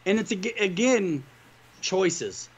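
A man's voice: high voice, animated, slow pace, husky. A man co-hosting a livestream, chatting casually and upbeat with viewers. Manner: upbeat, rambling, hobby talk to viewers. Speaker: livestream co-host. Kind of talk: casual chat.

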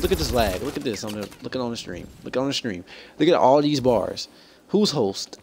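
A young man live-streaming a shooter game, reacting to the match and chatting with viewers and teammates, getting frustrated and excitable. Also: mid-range voice, fairly quick, creaky. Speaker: gaming streamer. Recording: faint background noise.

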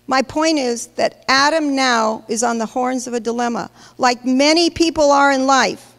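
A woman's voice: high-pitched, normal speed, a bit bright. A woman pastor preaching a sermon, emphatic and questioning the congregation directly. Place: large church hall. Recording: long hall reverb.

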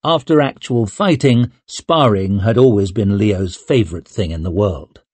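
A man narrating a fantasy audiobook in a measured, even reading. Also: on the low side, breathy edge, dry recording. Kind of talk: scripted narration.

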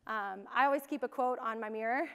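Speaking fairly quickly, a young woman with a slightly high, smooth voice, sharp in tone and touched by vocal fry, gives a casual conference talk full of ums and you-knows. The setting is a large conference hall, audible through long reverb.

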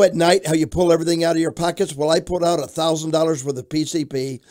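An older pastor from Florida, telling his life story in an interview with an animated storytelling manner. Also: on the high side, fairly quick, hardly any pauses. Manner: animated storyteller who shouts out quoted lines.

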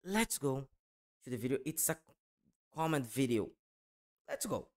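A man hosts a casual reaction video, stumbling and repeating words as he searches for what to say. His voice sits at an ordinary middle pitch. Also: big pitch swings, a little slow. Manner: hesitant, repeats words with many fillers.

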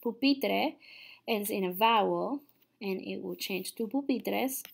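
A woman's voice: mid-range voice, takes it slowly, creaky, breathy edge. A young adult woman teaching a recorded online lesson, patient and explaining step by step, often checking in with "okay?". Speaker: Spanish teacher.

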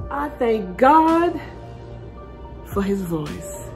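Woman preaching slow, voice rises n falls a lot, soft music behind. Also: mid-range voice, very animated. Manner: impassioned, swinging from hushed to loud, calls out amen. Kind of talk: motivational sermon.

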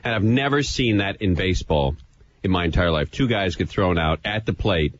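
A man's voice: deep voice, animated, moderate pace. A man in his forties co-hosting a radio talk show, grumbling about sports in casual banter. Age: 40s. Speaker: radio co-host. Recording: muffled radio broadcast with faint hiss.

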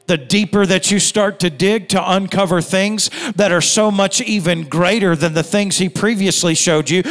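High-voiced preaching man in echoey hall. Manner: emphatic preaching with repetitions and rhetorical questions. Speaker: pastor. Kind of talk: sermon. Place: church hall.

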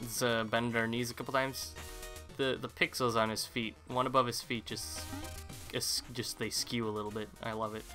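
A man's voice: mid-range voice, flat delivery, moderate pace, music in the background. A man giving casual, rambling let's play commentary, chatty and self-deprecating as he plays. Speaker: gaming channel host.

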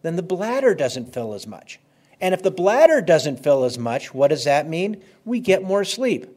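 Guy doctor giving a talk, kinda high voice, leans hard on key words. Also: big pitch swings, normal speed, a little mellow. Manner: conversational, emphatic, repeats key words. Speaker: physician lecturer. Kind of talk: medical lecture.

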